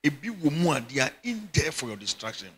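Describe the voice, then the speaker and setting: A man's voice: on the high side, very animated, fast talker, a bit bright, husky. A middle-aged Ghanaian man preaching a sermon as bishop, emphatic and often breaking into laughter. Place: church chapel.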